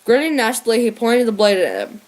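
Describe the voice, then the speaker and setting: A woman's voice: on the high side, very animated, brisk, darkish tone. A woman narrating a novel aloud in a plain reading manner, with small slips and restarts. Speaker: audiobook narrator.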